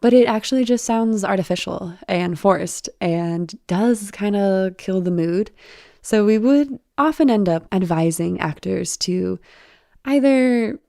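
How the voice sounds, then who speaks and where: A woman's voice: medium pitch, measured pace, vocal fry, no echo, studio quality. A woman, a former audio producer, speaking as an interview guest in a thoughtful, explanatory way. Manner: thoughtful, explanatory, warmly instructive.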